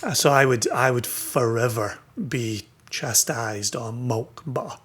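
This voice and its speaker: A man from southwest Scotland with a Scottish accent softened toward American, co-hosting a casual podcast chat in a wry, teasing way. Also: mid-range voice, slow, breathy edge. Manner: wry, teasing, laughs often. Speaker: podcast co-host.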